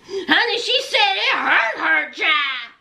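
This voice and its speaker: A woman's voice: extremely high pitch, very animated, slow, gravelly, pushed and bright. A woman giving a sassy, gossipy casual recap of a reality show, calling listeners "child" and "honey".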